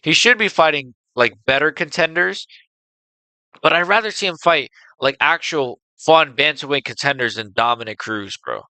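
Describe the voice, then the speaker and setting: A young man with a bright, clear voice rants through casual reaction commentary, swearing freely and getting animated. His voice sits a little high for a man, recorded dry and close. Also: normal speed, no room sound, low-quality recording. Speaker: MMA reaction channel host.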